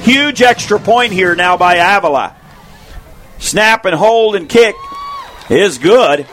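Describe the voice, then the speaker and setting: A man calling play-by-play at a football game, quick and excited, shouting on big plays, his voice going hoarse. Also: sits high, soft background music. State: losing his voice. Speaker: play-by-play announcer. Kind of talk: play-by-play sports commentary.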